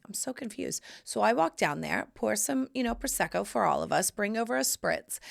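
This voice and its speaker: A woman's voice: fairly high pitch, very animated, normal speed, vocal fry. A woman hosting a podcast, telling stories in a chatty, playful way with sassy asides. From United States. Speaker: podcast host. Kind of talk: casual chat to camera.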